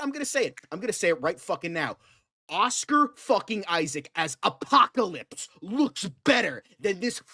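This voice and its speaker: A man's voice: high voice, bright, forceful tone. A man co-hosting a fan talk show, ranting heatedly and swearing constantly. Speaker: co-host. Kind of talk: profane ranting chat.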